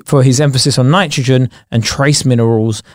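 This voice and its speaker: A man's voice: medium pitch, steady tone, brisk, a little mellow, no room sound, clean studio sound. A man co-hosting a casual podcast, bantering with playful mock outrage and laughing often. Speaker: podcast co-host.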